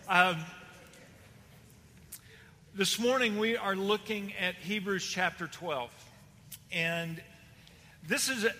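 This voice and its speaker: A man's voice: sits high, bright, forceful tone, in a large hall, a little hiss or hum. A man with a Texan accent, a pastor preaching to his congregation in a folksy, chatty way with fillers and restarts. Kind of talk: sermon to a congregation.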